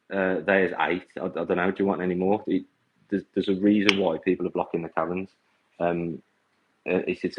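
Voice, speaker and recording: Blunt low-voiced man on tinny audio. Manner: blunt, exasperated, repeats himself. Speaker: vegan coach and activist. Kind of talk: livestream rant to viewers.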